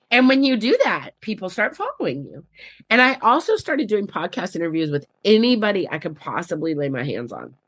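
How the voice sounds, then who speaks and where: A woman's voice: medium pitch, fairly bright tone. A middle-aged woman, a life coach guest on a podcast, talking in a candid, blunt and salty way, telling stories with lots of "like". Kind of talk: casual interview chat.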